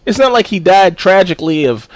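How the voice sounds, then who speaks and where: A man's voice: sits high, expressive, a little fast, no room sound. Blunt, profane man on a podcast. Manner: blunt and profane, laughing often. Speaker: podcast co-host. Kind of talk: casual chat.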